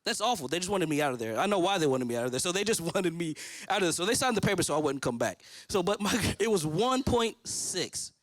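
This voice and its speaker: A man's voice: high voice, very animated, quick pace, fairly bright tone, no echo. A man in his thirties preaching a sermon from a church stage, telling his own story and acting out his prayers. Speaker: pastor.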